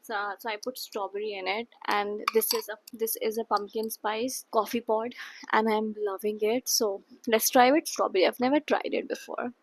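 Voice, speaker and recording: Young woman, book vlogger, husky and higher-pitched, gushing, rambling chat. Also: fairly even intonation, moderate pace, rough recording. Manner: gushing, chatty, rambling with fillers. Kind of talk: casual chat.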